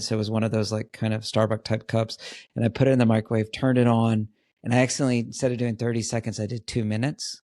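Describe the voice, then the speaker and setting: A man's voice: on the low side, darkish tone, no room sound, studio quality. A man who is a guest on a podcast, telling self-deprecating stories in a casual way and chuckling at himself.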